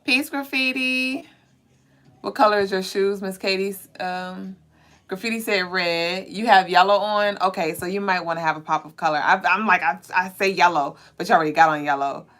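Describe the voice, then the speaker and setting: A woman's voice: fairly low pitch, fairly even intonation, brisk, fairly bright tone. A woman from Savannah, Georgia with a Southern accent, hosting a livestream and chatting playfully with viewers as she reads their comments. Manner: chatty and playful, laughs often. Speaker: livestream host. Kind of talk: casual livestream chat reading viewer comments.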